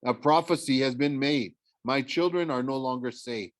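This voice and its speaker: A man's voice: medium pitch, normal speed, dry recording, close to an everyday voice. Man reading an agitated pleading god. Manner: pleading, urgent.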